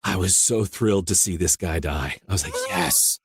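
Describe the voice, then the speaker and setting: A man from rural Iowa with a very low voice talks shop as an interview guest. He rambles easily, circling back with "you know" and restarting thoughts. The sound is close and dry. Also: fairly quick, husky, no room sound. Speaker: audiobook narrator, guest. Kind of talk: casual interview chat.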